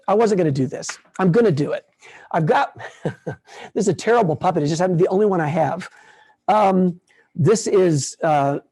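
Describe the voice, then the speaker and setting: A high-pitched man in his sixties, a puppeteer, talks casually at an online conference and takes questions. He's relaxed and rambling, restarting his sentences often.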